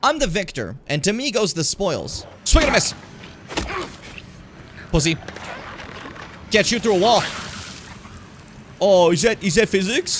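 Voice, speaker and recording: A man streaming a video game in casual commentary, excitable, swearing and shouting at enemies. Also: high-pitched, a little slow, long pauses, noisy background. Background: game music.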